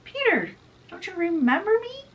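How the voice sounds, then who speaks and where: A woman's voice: very high-pitched, very animated, moderate pace, lo-fi sound, voice pushed up. A woman voicing a grown man, a hopeful pirate captain, while retelling a storybook, speaking in an eager, earnest way.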